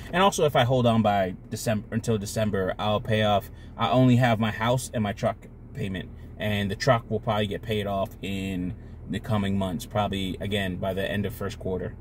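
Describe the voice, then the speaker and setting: A man's voice: fairly low pitch, slight background noise. A man talking to camera in a casual, rambling monologue, blunt and full of profanity. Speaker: vlogger.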